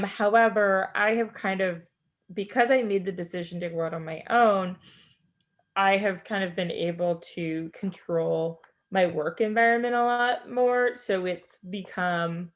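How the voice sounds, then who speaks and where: A woman with a slightly low voice speaking frankly as a panelist on a video call. She is emphatic and conversational, leaning on casual fillers.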